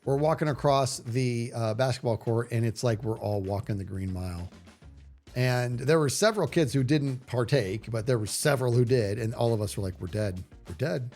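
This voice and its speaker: Animated, rambling male streamer. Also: medium pitch, normal speed, soft background music. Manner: animated, rambling with many restarts. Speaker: livestream host. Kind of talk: casual storytelling on a stream.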